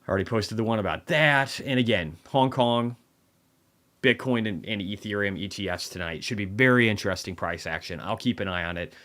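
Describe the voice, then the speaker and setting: A man's voice: on the low side, a little fast, fairly bright tone. A tired man casually rambling through a market recap livestream, swearing often. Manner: profane, rambling, offhand.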